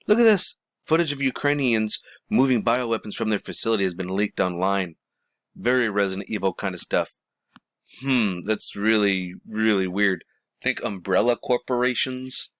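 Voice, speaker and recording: A man's voice: fairly low pitch, dry recording. Guy ranting loosely to his viewers, calls em folks, dry close sound. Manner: rambling, animated, addresses viewers as folks. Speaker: commentary show host. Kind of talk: casual conspiracy commentary.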